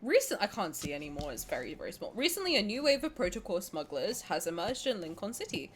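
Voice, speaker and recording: A woman streaming a game, reacting and reading aloud in a playful, sarcastic way, swearing and bursting into shouts. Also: mid-range voice, sing-song, fast, a little hiss or hum.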